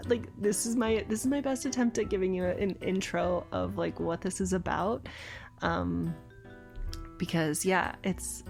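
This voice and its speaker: A woman's voice: mid-range voice, gravelly. Rambling, sing-songy woman podcaster. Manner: rambling, many fillers and restarts, laughs often; soft, sing-songy soothing way of talking. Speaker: podcast host. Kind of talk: casual voice memo chat.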